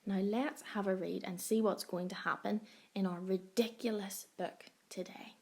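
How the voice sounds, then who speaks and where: A woman's voice: medium pitch, creaky, a little hiss or hum. A woman primary school teacher reading a picture book aloud to young children. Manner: slow, expressive.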